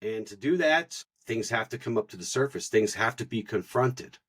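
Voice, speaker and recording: Male podcast co-host, middle-aged, husky voice, earnest spiritual teacher. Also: fairly low pitch, lively intonation, moderate pace. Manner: earnest, explanatory, repeats words while thinking.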